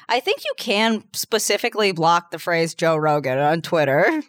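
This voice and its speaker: A woman's voice: lowish voice, sing-song, normal speed. A woman co-hosting a comedy podcast, teasing the others and laughing often. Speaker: podcast co-host.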